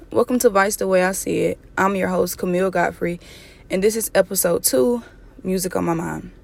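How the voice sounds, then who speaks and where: A young woman speaks close to the mic with a hoarse, worn-out voice that has almost given out. Her tone sits on the low side and crackles with fry as she rambles through a casual solo podcast, full of fillers, restarts and offhand swearing. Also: normal speed, darkish tone. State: hoarse, voice nearly gone. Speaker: podcast host. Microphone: close mic, heavy breathing.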